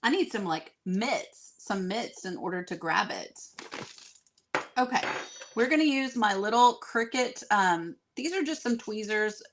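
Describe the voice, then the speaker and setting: A woman's voice: mid-range voice, measured pace, a little hiss or hum. Chatty woman crafting live. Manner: chatty and excitable, talks straight to viewers. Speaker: DIY craft host. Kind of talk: casual live-stream craft chat.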